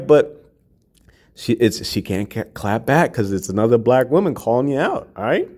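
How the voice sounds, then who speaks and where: A man's voice: mid-range voice, gravelly, a little mellow. A man doing celebrity gossip commentary, mocking the woman he's roasting and tagging lines with "all right?" and "sweetheart.". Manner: mocking, talks straight to the person he's roasting. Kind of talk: reacting to and reading social media posts.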